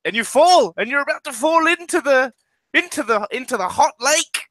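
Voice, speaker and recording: A man's voice: very high-pitched, expressive, moderate pace, fairly bright tone, rough recording. A man running a comedic tabletop game as game master, narrating loosely with plenty of fillers and laughs. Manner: rambling, full of fillers and laughs.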